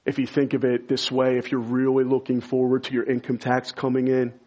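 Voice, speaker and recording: A man preaching a sermon as pastor, explaining scripture and rising to loud, high-pitched emphasis when stirred. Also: completely flat delivery, fairly quick, lo-fi sound.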